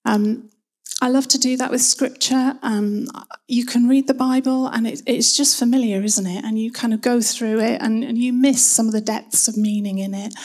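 A woman leads a prayer and a quiet, reflective sermon in a church. Her voice sits a touch high and carries a soft huskiness. She lingers thoughtfully over single words. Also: fairly even intonation, normal speed. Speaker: church speaker.

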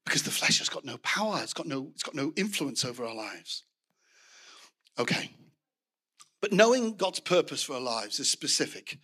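A man's voice: a little high, sing-song, moderate pace, pauses often, bright, forceful tone, husky. A middle-aged man preaching a sermon, telling anecdotes with restarts and asides to the congregation.

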